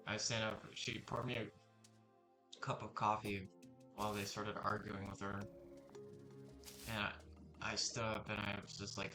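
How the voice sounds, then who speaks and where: Young male vlogger, lowish voice, rambling anecdote, music bed underneath. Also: flat delivery, unhurried, pauses often. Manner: rambling, with fillers and restarts. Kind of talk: casual storytelling.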